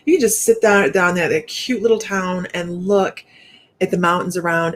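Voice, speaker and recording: A woman's voice: lowish voice, fairly even intonation, moderate pace, slight background noise. Chatty, upbeat middle-aged woman host. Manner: chatty, upbeat, laughs often. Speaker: psychic medium livestream host. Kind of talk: casual livestream chat reading viewer comments.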